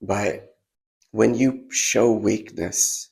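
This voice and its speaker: A man talking in a casual, halting monologue, restarting his sentences often and sounding emotional. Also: lowish voice, darkish tone. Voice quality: gravelly, husky. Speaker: vlogger. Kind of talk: casual monologue while drawing.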